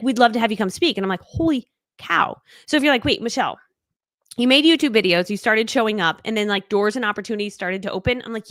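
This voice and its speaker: A woman's voice: mid-range voice, vocal fry, a bit bright, no echo, studio quality. A woman in her thirties from New England, leading a live online training as a business coach, talking in a bubbly, chatty way with playful acted quotes. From New England, United States.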